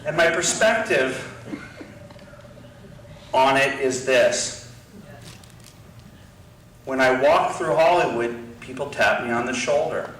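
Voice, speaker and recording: In a large university lecture hall, a male guest lecturer delivers an impassioned, combative political talk. His mid-range voice moves slowly with long pauses, forceful, and he acts out whispered asides. The hall sounds roomy, he is far off the mic, and there is faint noise.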